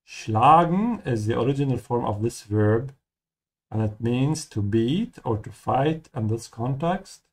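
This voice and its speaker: Lively male German tutor. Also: mid-range voice. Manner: friendly, explanatory, repeats key words slowly. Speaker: German teacher. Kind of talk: explaining game dialogue as a language lesson.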